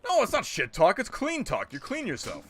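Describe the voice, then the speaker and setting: A man's voice: high-pitched, wildly swooping pitch, moderate pace, breathy edge. A man streaming a game, chatting casually and ranting in disbelief as he answers his chat. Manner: incredulous, joking rants, answers chat. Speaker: gaming streamer.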